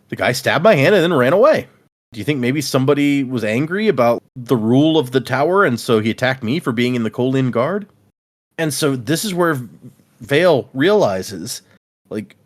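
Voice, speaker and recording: A man chatting casually on a podcast, retelling a story with lively swings in pitch. He drops into brief voices for the characters and swears now and then. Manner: animated retelling with quick character asides. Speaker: podcast host recapping a book. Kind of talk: casual chat.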